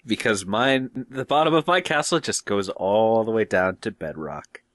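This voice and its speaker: Lively young man with a lateral lisp. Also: fairly low pitch, moderate pace, no echo, clean studio sound. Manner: animated, mock-indignant banter. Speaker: podcast co-host. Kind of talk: casual gaming podcast chat.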